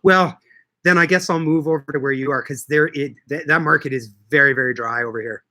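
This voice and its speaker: Bright-voiced chatty man. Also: a little high, brisk. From Canada. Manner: chatty, joking, casually profane. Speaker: livestream host and market grower. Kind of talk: casual livestream chat answering viewer comments.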